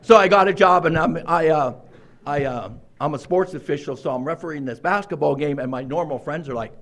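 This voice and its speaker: A man's voice: fairly high pitch, fairly quick, a bit bright. A man speaking at a recovery meeting, telling his own story with wry, self-mocking humor and frequent laughs, in a meeting room.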